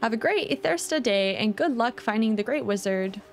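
A woman's voice: a little high, animated, normal speed, faint music behind. A woman reading aloud the lines of a wise but evasive king from a video game. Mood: calm. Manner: reading dialogue aloud plainly.

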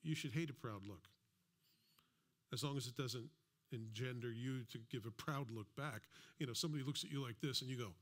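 A man preaching a sermon in a casual, conversational way, reading scripture slowly and acting out little everyday exchanges. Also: medium pitch. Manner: conversational, plays out little imagined dialogues; slows down to read scripture aloud. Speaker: pastor.

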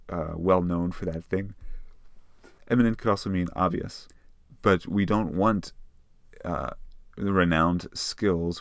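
A man with a very low voice explains a test question as a tutor. He talks it through in a conversational way and thinks aloud as he goes. The recording is dry and close, with no room sound. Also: no room sound.

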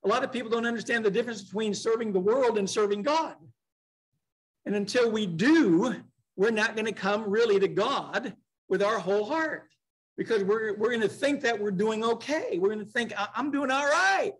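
A man with a fairly high voice leads a midweek Bible study in a church classroom. He talks in a plain conversational way, slowing down to read scripture passages aloud and putting questions to his class. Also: husky, low-quality recording. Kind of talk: casual Bible study teaching.

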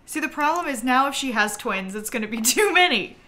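A woman's voice: high voice, animated, a little fast, bright, forceful tone, a little hiss or hum. A young woman streaming a life-simulation game, chatting casually, giggling and talking to the characters on screen. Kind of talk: casual gameplay commentary.

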